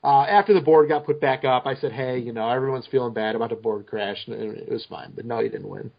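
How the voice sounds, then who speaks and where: A man's voice: mid-range voice, fast talker, vocal fry. A man talking as a guest on a podcast, in loose, joking chat with a lot of swearing. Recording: muffled lo-fi podcast audio.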